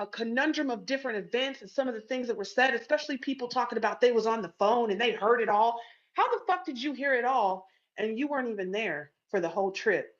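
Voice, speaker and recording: A woman's voice: a little high, a bit bright. A woman hosting a live audio chat room, defensive and profane, stumbling and repeating herself. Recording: dull lo-fi sound.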